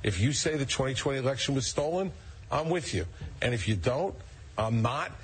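A man offering political commentary in a measured, critical tone. His voice sits mid-pitch over a faint bed of background noise. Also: lively intonation. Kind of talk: news interview comment.

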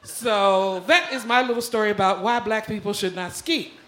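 A woman telling a funny personal story live on a club stage, animated and profane, often laughing as she talks. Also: medium pitch, moderate pace, very noisy.

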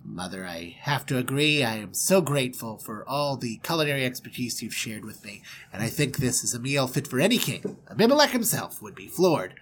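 A man's voice: medium pitch, sing-song, fairly quick, hardly any pauses, fairly bright tone, a little hiss or hum. A man doing a timid, stammering young son. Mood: earnest. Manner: hesitant, stammering. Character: timid, fussy young man posing as his brother.

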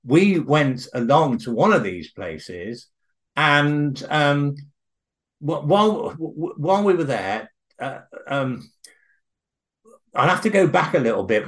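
Older Englishman with a lively, swooping voice. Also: mid-range voice. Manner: halting, with many restarts, then eager and animated. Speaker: guest author and researcher. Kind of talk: storytelling in an interview.

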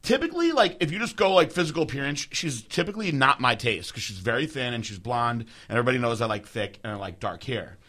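A young man co-hosting a casual podcast, his voice bright and forward. He talks in an animated, loose way, swears often and repeats words as he goes. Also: medium pitch, quick pace, hardly any pauses. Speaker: podcast host.

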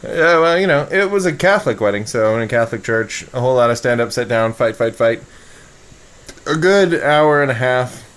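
A man's voice: medium pitch, lively intonation, a little fast, a bit bright, clean tone. A man hosting a podcast in casual chat, rambling and joking with lots of filler. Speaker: podcast host.

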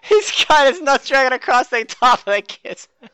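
A man on a podcast, rambling and halting, often laughing. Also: extremely high pitch, animated, pushed and bright, no room sound. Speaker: podcast co-host. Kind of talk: casual chat.

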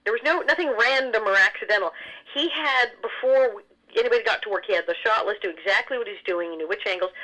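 A woman with a bright, forceful voice tells stories in a quick, animated way, breaking into laughter often. She sounds like a guest chatting casually in an interview. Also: mid-range voice, muffled recording. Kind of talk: casual storytelling chat.

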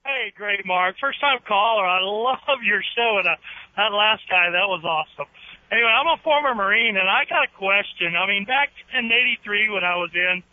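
A man's voice: sits high, expressive, normal speed, dry recording. A man in his fifties, a trucker and former Marine, calling in to a radio show in a friendly, rambling way. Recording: tinny phone line.

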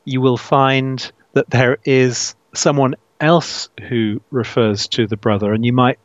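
A man being interviewed about his writing, speaking thoughtfully with frequent restarts and soft laughs. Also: medium pitch, fairly even intonation, unhurried, dry recording. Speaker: author guest. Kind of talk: casual interview. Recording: dull dry lo-fi sound.

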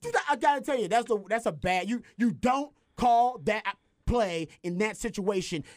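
A man co-hosting a casual sports podcast, animated and exclaiming in disbelief. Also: sits high, normal speed, dry recording, studio quality. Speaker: podcast co-host.

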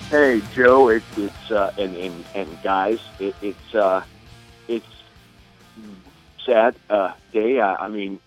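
A man calling in to a radio show, earnest and halting, with many restarts. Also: on the low side, soft background music, rough recording. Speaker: caller. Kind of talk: phoned-in radio chat.

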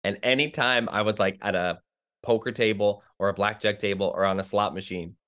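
Lively, low-voiced male Broadway actor. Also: brisk. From New Jersey. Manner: animated storytelling, acts out quoted voices. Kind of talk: conversational interview.

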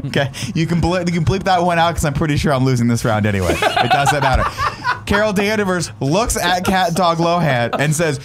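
Brief: male panelist, lively, rambling comic storyteller, slightly higher pitch, light background hiss. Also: normal speed, faint music behind. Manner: rambling, animated, laughing through jokes. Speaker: podcast panelist. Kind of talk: comedic improvised storytelling.

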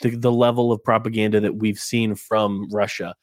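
A man co-hosting a casual podcast, telling stories with animated indignation. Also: fairly low pitch, normal speed, no room sound, clean studio sound. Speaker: co-host.

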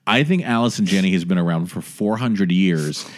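A man hosting a podcast, telling stories in a playful, animated way. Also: low-pitched, moderate pace. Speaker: podcast host. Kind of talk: casual podcast chat.

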